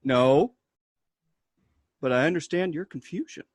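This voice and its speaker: A man's voice: on the high side, measured pace, dry recording, clean studio sound. Teasing, joking male podcast host. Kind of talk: casual podcast chat.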